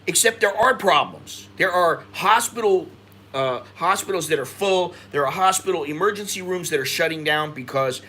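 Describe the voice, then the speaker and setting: An American expat livestream host chats loosely with his audience and vents his frustration in casual commentary. His bright, forceful voice sits a little high for a man and climbs even higher as he gets agitated. Faint background noise lies under the voice.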